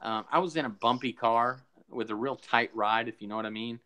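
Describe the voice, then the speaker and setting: A man's voice: medium pitch, fairly even intonation, fairly quick, pushed and bright, poor audio. Guy rambling on a fan podcast, kinda out of breath, lots of uhs. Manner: rambling, full of fillers and restarts. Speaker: podcast co-host. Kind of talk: casual chat.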